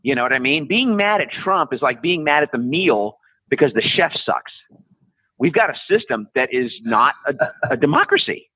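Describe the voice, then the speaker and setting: A blunt man in his fifties rants through a tinny, phone-like line, his voice dry and close. He talks in a fairly high, husky register, profane and sarcastic. He mocks people as he goes. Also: big pitch swings, normal speed, no echo. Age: 50s. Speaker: podcast guest. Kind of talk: ranting casual conversation.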